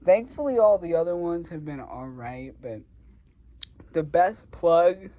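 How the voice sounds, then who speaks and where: A young man tells a story from his own life in a loose, rambling way. His voice sits a little high for a man. He leans on fillers and curses freely as he talks. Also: expressive, a little slow, lo-fi sound. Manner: rambling, filler-heavy, profane, gets heated. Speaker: vlogger. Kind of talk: casual storytelling.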